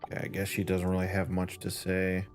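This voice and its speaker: Man, streamer, tired, yawning, relaxed, low voice, faint music. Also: fairly quick. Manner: laid-back, chuckles between remarks. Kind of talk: casual gameplay commentary.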